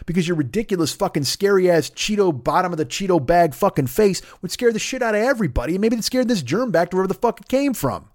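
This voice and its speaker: Man, comedy podcast host, sarcastic profane rant, lively pitch, slightly high voice, dry sound. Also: dry recording. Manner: animated, sarcastic, heavy swearing; acts out quoted people in put-on voices.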